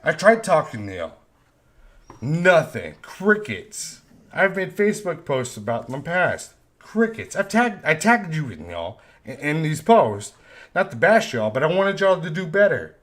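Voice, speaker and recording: Man, live stream rant, frustrated, swearing, repetitive, slightly high voice. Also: sing-song, measured pace, fairly bright tone. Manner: frustrated, profane, repeats himself. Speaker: live stream host, vector artist. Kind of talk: ranting live stream monologue.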